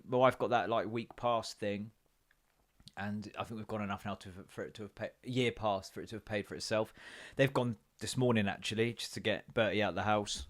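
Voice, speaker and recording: A man hosting a podcast, telling rambling, sweary stories with jokey put-on voices. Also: fairly low pitch. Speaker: podcast host. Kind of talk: casual solo rant.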